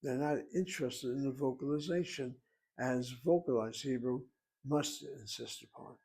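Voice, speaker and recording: A man in the middle of a recorded language lesson, with a voice at an ordinary middle pitch. He works methodically through pronunciation and syllables, stops to ask rhetorical questions and then answers them himself, like a patient teacher. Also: normal speed, gravelly, darkish tone, husky. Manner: methodical, explains pronunciation step by step; thinks aloud with rhetorical questions. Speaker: Hebrew teacher.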